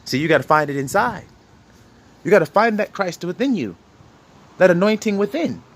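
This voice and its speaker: A man preaching an informal sermon in an animated, conversational way, often asking his listeners rhetorical questions. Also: high voice, moderate pace.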